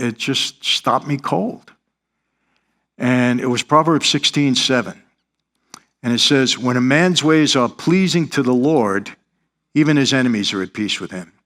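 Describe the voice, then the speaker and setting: A man's voice: mid-range voice, fairly bright tone. A middle-aged man, telling his life story in earnest, confessional style as an interview guest. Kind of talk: interview testimony.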